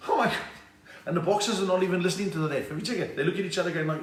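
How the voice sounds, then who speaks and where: A man's voice: high-pitched, far from the mic, a little hiss or hum. Man, comedian, chatty, echoey room, off-mic phone. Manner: chatty, quick, acts out characters, chuckles. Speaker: stand-up comedian. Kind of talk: live-streamed joke telling.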